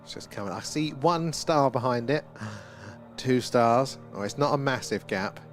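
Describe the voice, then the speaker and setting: A man's voice: medium pitch, measured pace, faint music behind. Chatty British man hosting a livestream. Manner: chatty, reads out viewer comments, laughs often. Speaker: livestream host. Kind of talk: casual live-stream chat.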